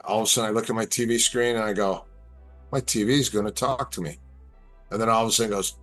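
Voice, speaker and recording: This guest, a middle-aged man with a lowish voice, talks fast while telling animated stories in an easygoing chat. He acts out the things people said to him, and soft music plays underneath.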